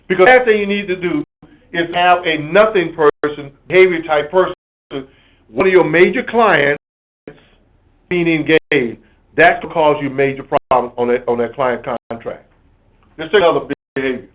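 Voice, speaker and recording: A man with a high voice lectures as a corporate trainer, stressing and repeating his points. The sound is thin and tinny, like a phone line. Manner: emphatic, repeats key phrases, acts out examples.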